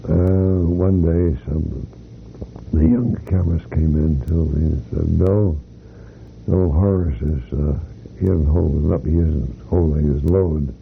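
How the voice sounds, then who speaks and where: An older man recounts his working years in a slow, rambling way, circling back with restarts and fillers. His voice sits very low with a gravelly rasp. The recording is tinny and phone-like, with a faint hiss underneath. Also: fairly even intonation. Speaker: retired company employee interviewee. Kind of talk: oral history storytelling.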